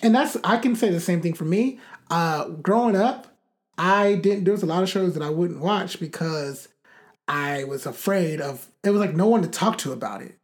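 A man's voice: high-pitched, lively intonation, normal speed. A man co-hosting a casual chat, talking bluntly and emphatically, with profane and fiery rants.

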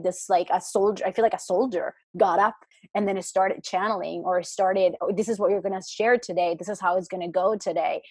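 A woman with a husky, slightly breathy voice chats about spiritual work. She rambles, restarting her thoughts and filling gaps with "like" and "you know". The sound is close and dry. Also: mid-range voice, a little mellow, dry recording. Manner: rambling, many restarts and fillers. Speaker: spiritual guest. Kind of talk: casual chat.

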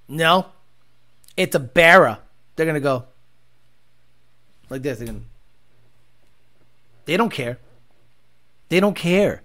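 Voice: mid-range voice, lively intonation, takes it slowly, pauses often, a bit bright. A livestream host reading viewer comments and ranting about car tuning with profanity and mockery.

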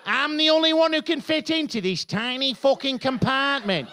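A man's voice: very high voice, moderate pace, bright, forceful tone, slight background noise, pitched above the performer's own voice, heavily acted. A man voicing a small, working-class rear gunner who complains and swears. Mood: plaintive. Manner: plaintive, sweary.

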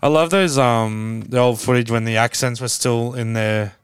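A man's voice: mid-range voice, steady tone, moderate pace, clean tone, no room sound, clean studio sound. A man with an Australian accent hosting a casual podcast chat in a car, rambling and laughing often. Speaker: podcast host. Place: inside a car.

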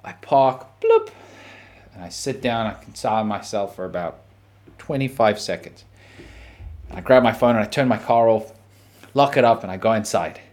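An Australian man hosting a podcast, telling a story in a casual, animated, profane way. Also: on the low side, normal speed. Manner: animated, profane, dramatic retelling. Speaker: podcast host.

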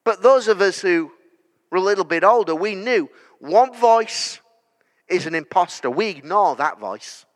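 A man in his thirties preaching a sermon in a church, telling stories that build to loud declarations. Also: high-pitched, expressive, measured pace. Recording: long church hall reverb.

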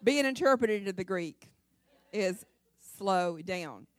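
A woman from Ohio, USA, speaks in a mid-range voice at a slow pace, recorded dry. She's a guest speaker at a church service giving a folksy, chatty personal testimony, lively in her storytelling and full of restarts.

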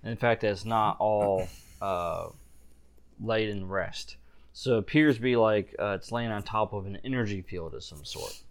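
Male game master, fairly low voice, slow descriptive narration, casual fillers.

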